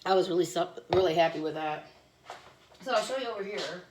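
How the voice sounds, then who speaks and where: The woman cooks at home while battling bronchitis, chatting in a blunt, rambling way for her casual cooking vlog. Her voice is lowish and brisk, with background noise present.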